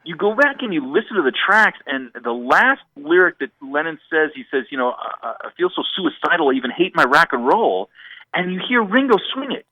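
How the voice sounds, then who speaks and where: A man's voice: a little high, very animated, fairly quick, no room sound, muffled recording. A man, a musician guest, telling stories in a rambling stream-of-consciousness way during a radio interview.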